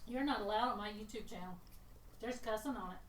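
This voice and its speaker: A woman's voice: medium pitch, fast talker. A woman playing a tabletop game, chatting and joking playfully with her group. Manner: playful, jokey. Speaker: player. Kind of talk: casual tabletop game chat. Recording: echoey room, mic at a distance, faint noise.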